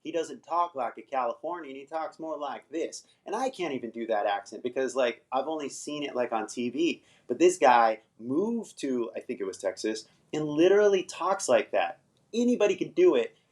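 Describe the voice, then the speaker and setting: A man's voice: mid-range voice, a little mellow. An American man hosting a casual live-stream English lesson, loose and chatty, full of fillers, with the odd swear word. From United States.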